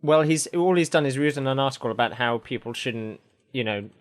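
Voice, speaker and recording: A man co-hosting a casual podcast, joking in a dry, deadpan way. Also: medium pitch, fairly quick. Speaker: podcast co-host. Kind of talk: casual chat.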